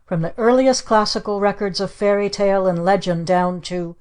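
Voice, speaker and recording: A woman's voice: medium pitch, fairly even intonation, moderate pace, darkish tone, clean tone, lightly acted. A woman voicing a stern aunt who plays a fairy-tale witch, imperious and cold, speaking stiffly as if reading from a book.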